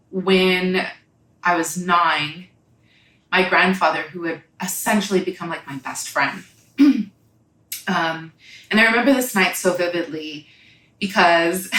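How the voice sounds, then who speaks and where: A young woman telling a personal story in a halting, reflective way, often pausing with "like" and "you know.". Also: fairly low pitch, a bit bright. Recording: echoey room.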